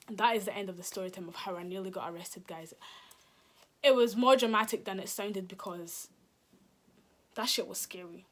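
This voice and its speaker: A woman's voice: medium pitch, a little fast. A young adult woman, a vlogger, telling a dramatic storytime in casual slang with some swearing. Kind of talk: storytime vlog.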